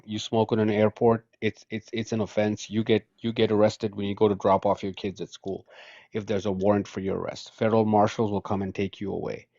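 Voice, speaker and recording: A man's voice: on the low side, darkish tone, no room sound. Guy calling in arguing hard, keeps cursing, muffled lo-fi sound. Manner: combative, insistent, swears. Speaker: caller. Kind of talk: heated political call-in argument.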